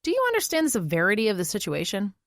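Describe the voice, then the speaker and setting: A woman's voice: mid-range voice, wildly swooping pitch, racing, dry recording, clean studio sound. A woman voicing a stern male defense attorney who barks orders like a drill sergeant. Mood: stern, commanding.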